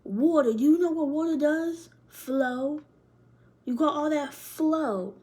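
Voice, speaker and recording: A woman's voice: high-pitched, slow pace, mellow. A young woman, doing a casual tarot reading in loose, profane slang and laughing often. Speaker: tarot reader.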